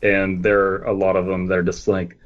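A man with a fairly low voice who reads in a deadpan, unhurried way during a comedic reading. The audio is dull and lo-fi.

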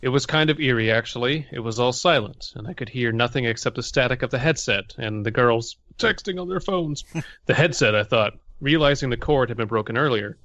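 A man in a comedic dramatic reading who narrates with mock seriousness and breaks into laughter. His voice sits at a middle pitch, close and dry, and the audio sounds dull and lo-fi. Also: a little fast, fairly bright tone, no echo.

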